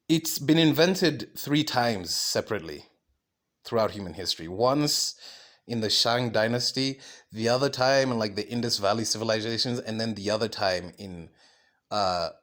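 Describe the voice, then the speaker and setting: A man's voice: on the low side, fairly bright tone. A man hosting his own podcast, talking alone in a rambling monologue, swearing often, restarting sentences and asking "right?" as he goes. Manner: swearing, many fillers and restarts, asks "right?". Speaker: podcast host.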